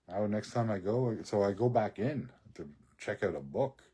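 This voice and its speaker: A man with a very husky, raspy voice, pitched low and dark in tone. He rambles through a profane story, breaking into laughs as he goes. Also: expressive, moderate pace. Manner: rambling, profane, laughs often mid-sentence. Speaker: social media video creator.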